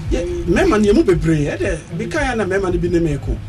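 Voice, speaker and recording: A chatty man hosts the talk, often restarting his phrases. His fairly high voice comes from a distance off the mic. Clear music plays behind him. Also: sing-song, very fast. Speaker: host. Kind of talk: casual radio chat.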